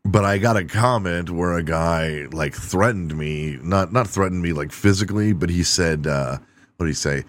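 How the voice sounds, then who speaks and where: Deep-voiced profane comedic man. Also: normal speed, slight background noise. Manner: irreverent, profane, laughing at own jokes. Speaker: podcast host. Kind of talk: casual comedic monologue.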